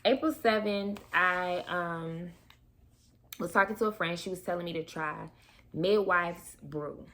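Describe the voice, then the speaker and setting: A young woman talks to her camera like she's catching up with friends, chatty and expressive, dropping casual slang. Her voice sits a little low for a woman. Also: unhurried. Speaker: mom vlogger.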